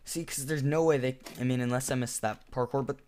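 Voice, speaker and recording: A man giving casual commentary over his own shooter match, chatty and self-deprecating, with sudden excited outbursts. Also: medium pitch, fairly quick. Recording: noisy home recording with background hiss. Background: keyboard clicks and in-game gunfire.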